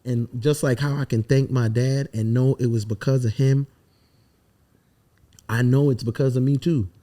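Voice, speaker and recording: A man from the Virgin Islands, a songwriter telling animated, emphatic stories and swearing freely in a casual podcast interview. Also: mid-range voice, moderate pace. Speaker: songwriter guest.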